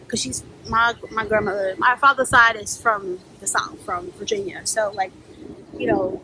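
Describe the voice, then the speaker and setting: A young adult woman from New York, a spiritual life coach, tells a candid personal story in a blunt, profane, animated way, acting out the voices she quotes. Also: a little high, normal speed, noisy background.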